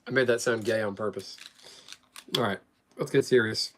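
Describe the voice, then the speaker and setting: A man's voice: lowish voice, steady tone, moderate pace, noisy background. A man hosting a live stream, chatting casually in a rambling, joking way.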